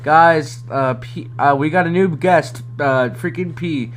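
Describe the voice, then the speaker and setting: A man's voice: a little high, takes it slowly, heavy background noise. A young man co-hosting a casual podcast, rambling and hesitant, laughing often. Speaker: podcast co-host. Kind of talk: casual chat.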